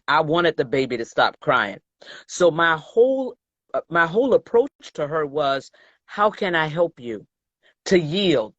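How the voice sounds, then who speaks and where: A woman's voice: lowish voice, no room sound. Middle-aged Southern woman, interview guest, emphatic storyteller; dry, lo-fi recording. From American South. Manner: emphatic, acts out quoted dialogue. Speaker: guest, investment banker. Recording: dry, dull lo-fi sound.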